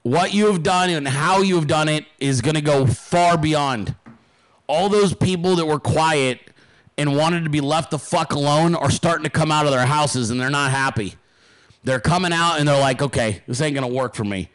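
A male podcast host ranting hard, his voice sitting a little higher than most men's. He swears freely and hammers his points through repetition, sounding heated and fully committed. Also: normal speed. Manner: heated, profane, emphatic. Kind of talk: angry political rant.

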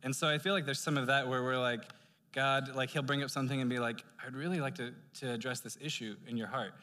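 A man preaching a sermon in a church, casual and animated, with strong sibilant s sounds. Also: medium pitch, fast, big-room sound. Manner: conversational, animated preaching with asides. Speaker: pastor. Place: church sanctuary.

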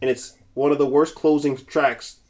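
A man in his twenties co-hosting a podcast in casual chat, animated, laughing often and repeating himself. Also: fairly high pitch, moderate pace. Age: 20s. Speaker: podcast co-host.

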